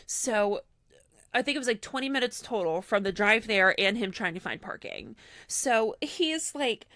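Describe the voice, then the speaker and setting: On a casual podcast, a woman with a fairly high voice recounts a story at a moderate pace, leaning heavily on "like" and quoting others herself. The recording is dry and studio quality.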